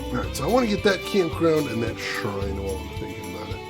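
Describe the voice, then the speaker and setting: A man's voice: on the low side, sing-song, fast, over loud music. A man casually commentating a game live stream, chatting with his viewers and laughing often.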